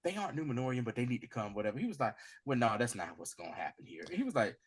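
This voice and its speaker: Man, podcast host, casual recap, acts out lines, slangy, animated, mid-pitched voice. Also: rapid-fire, slightly rough. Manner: animated retelling, acting out characters' lines in a slangy voice.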